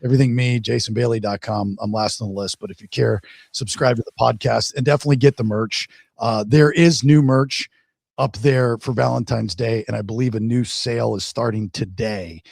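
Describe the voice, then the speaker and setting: A man's voice: medium pitch, fairly even intonation, a little fast, vocal fry, a little mellow, husky, no echo, clean studio sound. A man hosting a podcast in casual chat, laid-back and plain-spoken as he wraps up the show. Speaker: podcast host.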